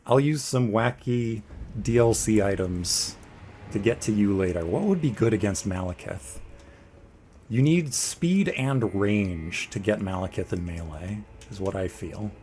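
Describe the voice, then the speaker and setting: A man's voice: lowish voice, measured pace, a little mellow. A man giving casual, jokey let's play commentary, talking to the boss as he fights it. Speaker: gaming video creator. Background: game music.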